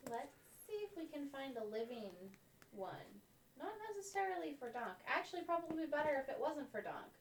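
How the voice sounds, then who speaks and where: A woman's voice: high voice, animated, a little fast, far from the mic, noisy background. A woman player in a tabletop game, talking in a thoughtful, strategic way. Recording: echoey room.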